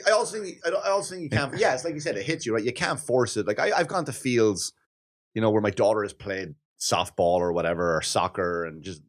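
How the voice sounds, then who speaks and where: A man in his thirties co-hosting a casual podcast chat, telling lively stories, acting out quoted voices and laughing often. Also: fairly low pitch, fast talker. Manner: animated storyteller, acts out quoted voices, swears and laughs often. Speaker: podcast co-host.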